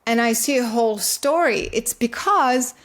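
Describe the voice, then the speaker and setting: A woman guest in an interview, earnestly explaining her ideas in quick bursts with frequent restarts. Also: on the high side. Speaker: guest, consciousness researcher. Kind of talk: interview conversation.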